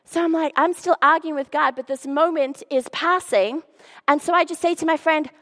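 A woman with a high voice delivers a sermon as a personal story. She is animated and pokes fun at herself, acting out the moments she describes. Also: fairly quick. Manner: animated, self-deprecating humor, acts out scenes. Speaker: speaker sharing faith stories.

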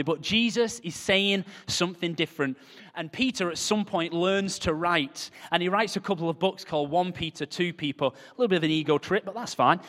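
A man preaching a lively sermon to a crowd, moving between quiet asides and loud, emphatic calls. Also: high voice, moderate pace. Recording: hall reverb.

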